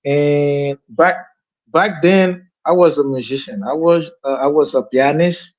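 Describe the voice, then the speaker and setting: Hesitant male learner on a muffled call. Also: on the high side. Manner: hesitant, halting with fillers. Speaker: student. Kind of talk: casual chat in a live lesson. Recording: muffled online call audio.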